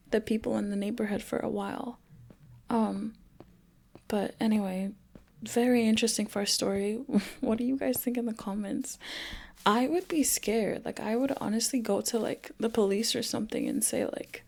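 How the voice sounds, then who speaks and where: Slow, gravelly woman reading stories. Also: fairly high pitch. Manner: chatty, laughs between lines, drops into soft whispered passages. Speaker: channel host. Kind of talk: reading online stories aloud over gameplay.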